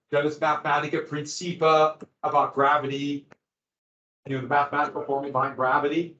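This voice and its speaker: A man's voice: fairly high pitch, a bit bright. A man teaching a history class, explaining in a loose, conversational way to his students in a classroom. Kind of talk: classroom lecture. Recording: echoey, dull lo-fi classroom audio.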